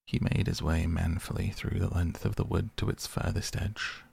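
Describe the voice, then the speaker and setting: Male storybook narrator, very low and gravelly, husky, dry close sound. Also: steady tone, moderate pace, darkish tone, dry recording. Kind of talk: storybook reading.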